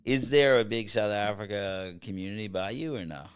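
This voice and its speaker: A man's voice: fairly low pitch, normal speed, clear, resonant tone. A middle-aged man hosting a podcast, telling stories in casual chat and laughing at his own jokes. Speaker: podcast host.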